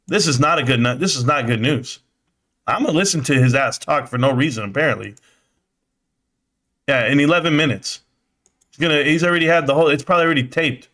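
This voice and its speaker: A man's voice: on the high side, brisk, long pauses, a bit bright. Exasperated man ranting on a livestream. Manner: exasperated ranting, swearing, voice jumping up in disbelief. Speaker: livestream host. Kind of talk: live stock commentary reading chat.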